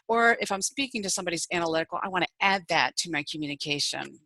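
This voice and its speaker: A woman giving an online presentation on communication styles, lively and demonstrative, varying her emphasis and pace. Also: lowish voice, quick pace, hardly any pauses, no echo, poor audio. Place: home setup on an online meeting.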